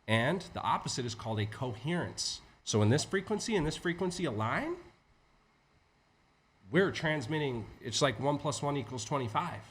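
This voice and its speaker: Animated profane man coaching. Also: on the high side, normal speed. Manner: animated, profane, acts out inner voices. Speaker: podcast guest, entrepreneur and coach. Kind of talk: conversational teaching.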